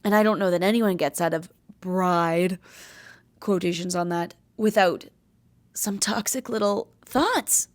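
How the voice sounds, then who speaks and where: A woman's voice: lowish voice, measured pace. Earnest rambling woman in her late twenties. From Canada. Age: late 20s. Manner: rambling, earnest, heavy on fillers like "like". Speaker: podcast host. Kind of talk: casual confessional chat.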